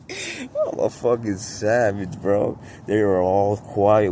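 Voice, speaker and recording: A man's voice: lowish voice, big pitch swings, takes it slowly, pauses often, warm tone, a little hiss or hum. A man talking casually to his camera outdoors by a condo pool, boastful and full of street slang, chuckling as he goes. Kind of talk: casual vlog monologue.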